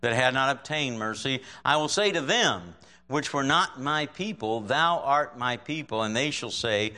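A man's voice: medium pitch, animated, unhurried, bright, forceful tone. A man preaching a sermon and reading scripture aloud, talking conversationally and checking in with his listeners. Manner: conversational, checks in with frequent "right?"; chuckles often while preaching.

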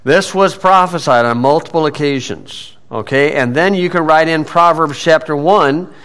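A man leads a verse-by-verse Bible teaching, posing questions to his listeners and answering them himself. His voice is smooth, clear and somewhat high for a man. He clears his throat often and leans on "okay" between points. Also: normal speed, fairly bright tone. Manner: conversational, asks and answers his own questions, frequent "okay".

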